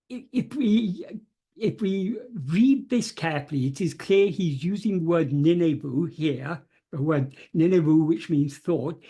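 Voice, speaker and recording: A man on a video call explaining a spiritual text carefully, pausing often with fillers and restarts. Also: a little high, mellow, husky. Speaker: teacher of spiritual texts. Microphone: computer mic on a video call.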